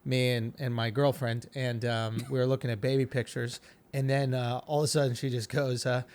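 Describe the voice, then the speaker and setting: A man's voice: mid-range voice, flat delivery, fairly quick, darkish tone. A man in his thirties hosting a comedy podcast, telling a story animatedly and swearing freely. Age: 30s. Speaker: podcast host.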